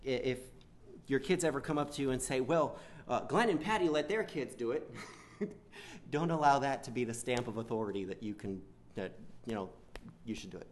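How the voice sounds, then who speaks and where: Halting man preaching a sermon. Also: mid-range voice, steady tone, slight background noise. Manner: halting, repeats words, acts out quoted whining.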